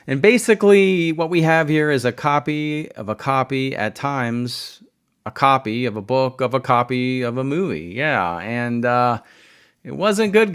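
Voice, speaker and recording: A man's voice: medium pitch, a bit bright, clean tone. A man giving a casual, sarcastic video review, rambling with plenty of fillers.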